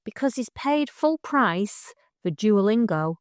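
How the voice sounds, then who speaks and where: A middle-aged woman, co-hosting a casual chat, animated and quick to laugh. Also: medium pitch, no echo, studio quality. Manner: chatty, laughs often, animated storytelling. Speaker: podcast co-host.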